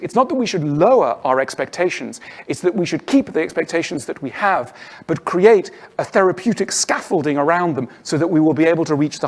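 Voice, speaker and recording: A man giving a lecture-style public talk, emphatic and persuasive, who acts out quoted inner voices as he goes. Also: on the high side. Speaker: public speaker.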